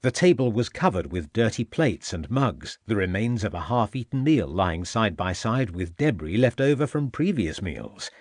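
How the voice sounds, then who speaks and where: A male audiobook narrator with a low voice and lively, shifting pitch, reading the story steadily. He is recorded close on a studio mic, and the sound is dry. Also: moderate pace, hardly any pauses, no echo. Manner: steady storytelling with dialogue tags. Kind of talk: scripted narration.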